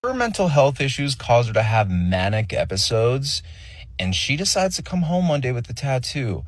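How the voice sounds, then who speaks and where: A man telling a personal story in an animated, profane way. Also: mid-range voice, normal speed, dry recording. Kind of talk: storytelling anecdote.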